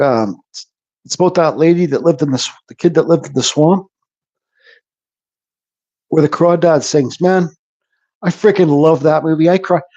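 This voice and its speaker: A man's voice: on the high side, mellow, dull audio. A middle-aged man from Canada hosting a woodcarving channel, chatting casually and bluntly with live viewers, rambling and swearing freely. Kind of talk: casual chat to live viewers while carving.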